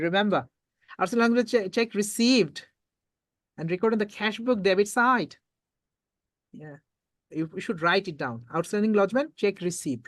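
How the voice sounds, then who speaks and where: An accounting tutor giving an exam revision lecture, reading questions aloud slowly and quizzing students with repeated points. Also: mid-range voice, a bit bright, no room sound, studio quality.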